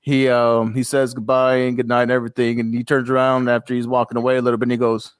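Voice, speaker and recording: A male podcast co-host chats casually in an easygoing storytelling style, speaking fast in a mid-pitched voice. The sound is clean, dry and close with no room sound, and he gets animated whenever he quotes someone else.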